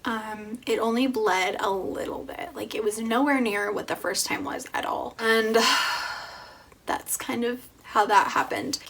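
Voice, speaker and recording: Young mom vlogger, chatty, says like a lot, slightly high voice. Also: female voice, a little hiss or hum. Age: young adult. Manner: chatty, frequent "like", soft breathy asides. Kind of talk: casual pregnancy update vlog.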